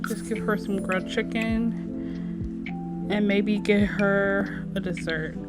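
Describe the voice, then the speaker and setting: A woman's voice: medium pitch, steady tone, takes it slowly, over loud music. A woman giving casual, offhand commentary on her life-sim gameplay as channel host. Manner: chatty, offhand.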